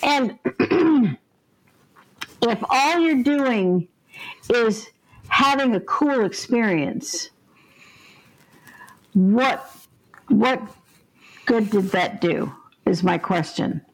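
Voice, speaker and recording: An older woman, a ghost helper, appears as a guest on an interview podcast, telling earnest, vivid stories and acting out the voices of the people in them. Her voice is a little high with lively intonation, very slow with frequent pauses, and the recording is rough.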